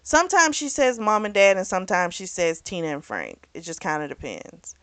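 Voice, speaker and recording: A woman's voice: mid-range voice, sing-song, a little fast, fairly bright tone, dry recording. A woman hosting a book club, casually recapping a story in a rambling, chatty way and often correcting herself. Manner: chatty, rambling, full of "like" and "you know"; self-correcting, loses track of names.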